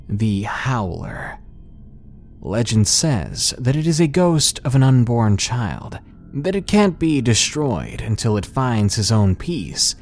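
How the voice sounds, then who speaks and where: A man's voice: mid-range voice, darkish tone. Man narrating scary stories over music. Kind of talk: scripted horror narration.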